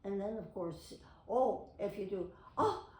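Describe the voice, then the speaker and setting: A woman's voice: medium pitch, measured pace, warm tone. Woman in her 90s, former voice actress, chatty storyteller; roomy echo, mic set back. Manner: chatty, with theatrical read-aloud passages. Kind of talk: casual storytelling to camera. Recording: echoey room, mic at a distance.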